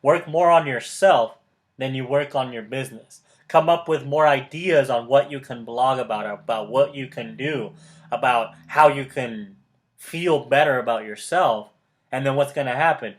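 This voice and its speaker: A man's voice: medium pitch, normal speed. A man in casual motivational coaching chat, enthusiastic and emphatic, repeating key words, laughing often and calling the listener brother or bro. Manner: laughs often mid-sentence. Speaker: motivational mentor.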